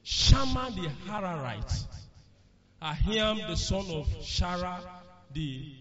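Man preaching in church, high voice swinging all over, slow and drawn out, dull lo-fi sound with the congregation loud behind. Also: crowd noise. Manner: animated preaching with call-and-response questions. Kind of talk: sermon.

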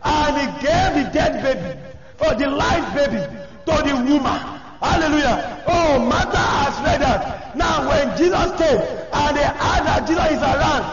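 High-voiced guy preaching loud in a big echoey hall, shouty and fired up, crowd all around. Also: a little slow. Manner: shouted, emphatic preaching punctuated with hallelujah and oh man. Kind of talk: sermon. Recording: echoey hall, dull lo-fi sound, congregation audible.

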